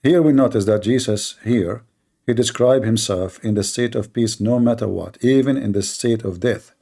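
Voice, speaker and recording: A man's voice: on the low side, moderate pace, gravelly, dark tone. A man hosting a live online debate, arguing in a sarcastic, combative way. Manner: sarcastic, argumentative. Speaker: debate host.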